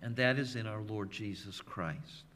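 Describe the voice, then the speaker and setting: A man preaching a sermon as pastor, emphatic and measured, leaning on repeated phrases. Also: lowish voice, fairly bright tone. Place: church sanctuary. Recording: long reverb of a church hall.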